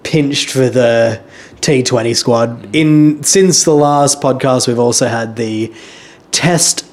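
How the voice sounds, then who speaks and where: A man's voice: mid-range voice, slow. A man co-hosting a podcast in casual chat, thinking aloud with small hesitations. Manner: relaxed, hesitant, restarts while thinking aloud. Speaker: podcast co-host.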